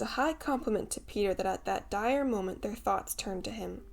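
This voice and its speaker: A woman narrates a classic children's tale in a measured, expressive reading voice. Her pitch sits in the middle range, and her delivery is steady. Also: vocal fry. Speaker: audiobook narrator. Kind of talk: scripted storybook narration.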